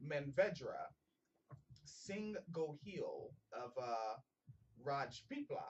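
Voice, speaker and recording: Man, podcast host, slightly high voice, stumbling news read, crude jokes, muffled distant mic, faint hiss. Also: darkish tone. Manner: profane, joking, stumbles with fillers while reading. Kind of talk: casual comedic podcast chat, reading news.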